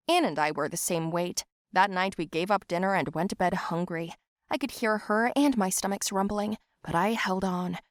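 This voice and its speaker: A woman narrating a first-person animated story in an expressive, lively way. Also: lowish voice, no echo, clean studio sound.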